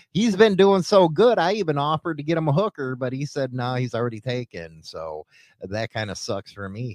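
A man from Chicago hosting a casual radio show, loud, crude and rambling, swinging between shouting and mumbling. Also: medium pitch, dry recording, clean studio sound.

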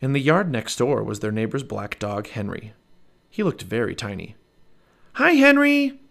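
Animated man reading a kids' book. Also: lowish voice, normal speed, gravelly. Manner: animated, expressive read-aloud. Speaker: podcast storyteller. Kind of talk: reading a children's book aloud.

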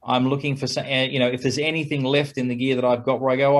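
A man in mid pitch talks casually as an interview guest. He is animated, with a ready chuckle, and his voice jumps higher whenever he acts out what other people say. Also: quick pace, hardly any pauses. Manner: animated, acts out quoted exchanges in a raised voice; chuckles between points. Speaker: trumpet player guest.

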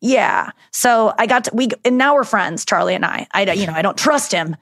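Candid woman, mid pitch, rambling podcast storyteller. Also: animated, fairly quick, a bit bright, no echo, clean studio sound. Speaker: guest, show host. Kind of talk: casual podcast chat.

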